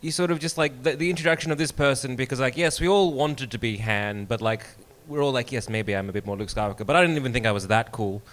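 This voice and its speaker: A man speaking on a live comedy panel before an audience. He rambles eagerly, full of fillers and restarts. His voice sits at a middling pitch. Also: fast, hardly any pauses, a bit bright. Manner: rambling, filler-heavy, enthusiastic.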